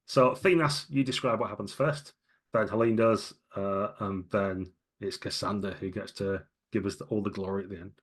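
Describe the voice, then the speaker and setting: Brief: male game master, lowish voice, animated scene narration. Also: normal speed, breathy edge.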